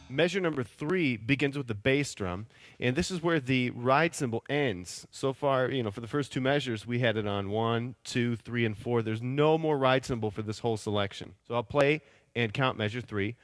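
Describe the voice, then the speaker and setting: A man teaches drums in a calm, patient way, walking through each measure and counting the beats aloud as he plays. His voice sits in the middle range and is heard against a loud drum kit. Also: mid-range voice, moderate pace, loud music behind the voice. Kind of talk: step-by-step drum lesson. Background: drum kit played loudly.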